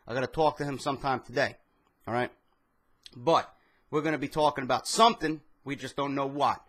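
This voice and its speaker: Swearing New guy, bright tense voice. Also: mid-range voice, fairly even intonation, a little fast. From New York. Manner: heated, swears constantly, storytelling rant. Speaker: wrestling commentary vlogger. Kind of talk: profane ranting monologue.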